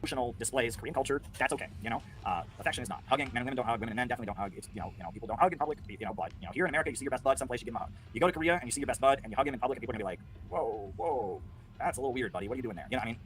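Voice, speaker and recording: Give me a man of mid pitch, rambling casually on a livestream as he answers viewer questions. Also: rapid-fire, hardly any pauses, fairly bright tone, slight background noise. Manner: rambling, restarts, frequent "right?" and "you know".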